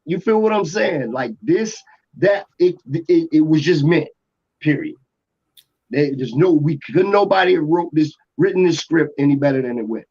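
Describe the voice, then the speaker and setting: A music producer from Atlanta telling a rambling story in a casual interview, full of restarts and fillers. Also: male voice, on the high side, animated, normal speed, darkish tone, slightly rough. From Atlanta, USA. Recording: dull lo-fi podcast audio.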